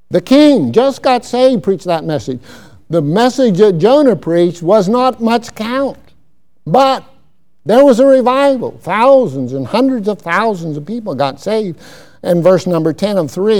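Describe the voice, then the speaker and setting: High-voiced male preacher. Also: big pitch swings, a little slow, darkish tone. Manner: reads scripture, then comments in a folksy way. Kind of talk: sermon.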